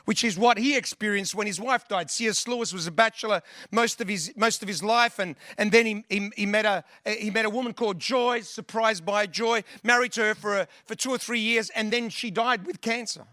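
A man's voice: high-pitched, fairly quick, hardly any pauses, pushed and bright, no echo, clean studio sound. A male preacher giving a sermon in an earnest, conversational way, building long lists and sometimes restarting his sentences.

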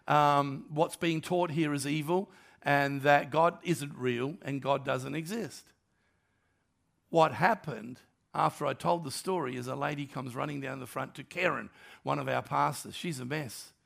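An older man preaching a storytelling sermon, voicing each person in his anecdotes and sinking into hushed moments. His voice sits high and bright. A gravelly edge runs through it. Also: unhurried. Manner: animated storyteller, acts out dialogue, drops to soft tones. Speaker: pastor.

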